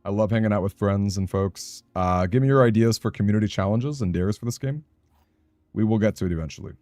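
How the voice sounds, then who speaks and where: Talking fast in a lowish, slightly mellow voice with no echo, a Southern Californian streamer rambles easily as he plays a game. He reads and answers his chat out loud.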